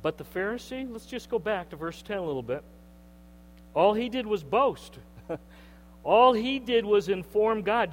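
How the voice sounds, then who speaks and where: Animated preacher in an echoing hall. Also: male voice, high voice, unhurried. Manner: animated, acts out quoted voices. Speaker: pastor. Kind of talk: sermon. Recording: long hall reverb, mains hum.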